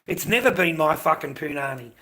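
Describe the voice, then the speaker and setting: A man's voice: a little high, expressive, a little fast, bright, forceful tone. An Australian man with an Australian accent, ranting aggressively and profanely at his live-stream chat.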